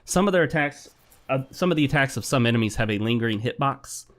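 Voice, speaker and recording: A man's voice: medium pitch, lively intonation, quick pace. A man talking through a video game in a loose, chatty way, with an ordinary mid-range voice. He drifts between musing and frustrated rants at the game's controls. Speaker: gaming commentator. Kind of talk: let's play commentary.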